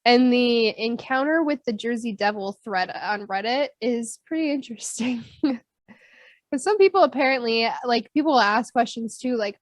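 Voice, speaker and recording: Rambling higher-voiced woman podcaster. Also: moderate pace, dry recording. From Sioux Falls area. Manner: rambling, lots of likes. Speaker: co-host. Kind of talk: casual chat.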